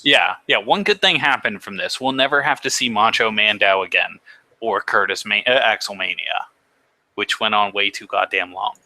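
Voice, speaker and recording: A man's voice: fairly low pitch, normal speed, bright, forceful tone, no echo, poor audio. A man co-hosting a casual chat show, summarizing news in a matter-of-fact way. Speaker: co-host.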